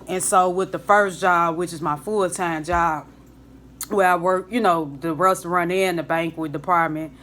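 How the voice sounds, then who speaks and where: A woman's voice: on the low side, normal speed. A young woman chatting casually to camera at home about her work as a hotel banquet server, rambling, with lots of restarts. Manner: relaxed, rambling, with restarts and Southern US slang. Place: at home, indoors.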